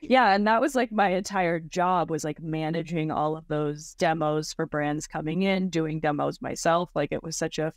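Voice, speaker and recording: A woman's voice: low-pitched, fairly even intonation, normal speed, hardly any pauses, dry recording, clean studio sound. A woman in her thirties, a podcast guest, telling her story in casual talk, full of "like" and "um", with frequent small laughs. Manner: chatty, many fillers like "like" and "um", laughs often.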